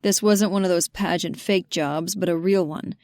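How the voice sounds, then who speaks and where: A woman narrating a romance audiobook, lively and giving the characters their own voices, on a close mic. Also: on the low side, normal speed, dry recording.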